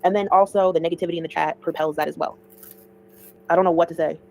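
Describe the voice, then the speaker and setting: A woman's voice: on the low side, steady tone, fast, creaky, a little mellow, poor audio. A woman hosting a casual livestream, giving chatty, opinionated commentary.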